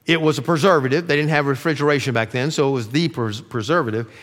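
A middle-aged male pastor preaching a sermon earnestly, dropping his voice low to stress key lines. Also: fast talker, fairly bright tone. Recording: long reverb of a large room.

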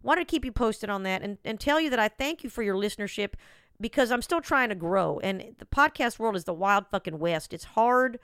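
A woman's voice: medium pitch, lively intonation, fairly quick, a bit bright, clear, resonant tone, no echo, studio quality. A woman hosting a podcast, rambling through a comic monologue with wry, self-mocking asides. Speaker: podcast host, comedian.

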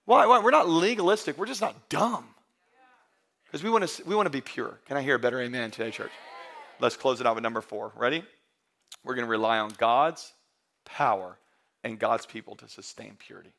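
Bright-voiced pastor preaching emphatically. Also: male voice, mid-range voice, expressive, a little fast, gravelly, long pauses. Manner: emphatic, rising to near-shouting peaks; storytelling with humor and quoted voices. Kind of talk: sermon.

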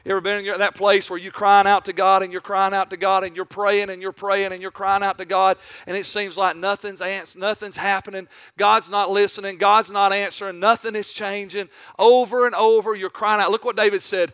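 A man preaching a sermon as pastor, swinging between slow, drawn-out phrases and loud emphatic bursts. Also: sits high, steady tone, no room sound, clean studio sound.

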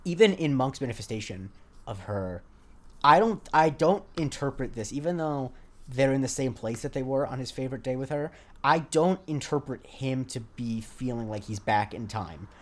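A young man co-hosting a podcast talks casually in a medium-pitched, expressive voice at a normal pace. He rambles, with plenty of fillers and restarts.

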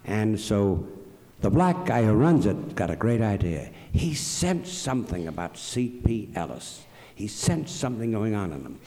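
A man at a public forum telling stories and giving opinions in an animated way, firing off rhetorical questions. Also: on the low side, a little slow. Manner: acts out quoted voices, emphatic rhetorical questions. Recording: long hall reverb.

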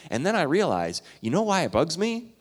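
A man from Minnesota and Canada preaching a sermon in a conversational style, swinging between loud emphasis and quiet asides. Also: a little high, wildly swooping pitch, brisk, breathy edge. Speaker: pastor. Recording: long hall reverb.

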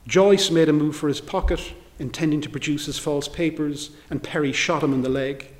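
A middle-aged barrister giving a formal history lecture, in a measured and deliberate delivery read from a prepared text. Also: male voice, on the high side, fairly even intonation.

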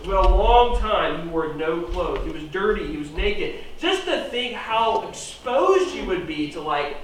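A man preaching a sermon, animated, swinging his volume up and down for emphasis. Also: sits high, measured pace, a little hiss or hum. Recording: very echoey room, voice from far off.

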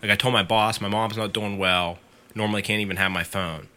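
A man's voice: lowish voice, steady tone, a little fast, pushed and bright. A man casually retelling a scary story on a podcast, full of fillers and quoting the teller. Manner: filler-heavy, lots of "like", quotes the storyteller.

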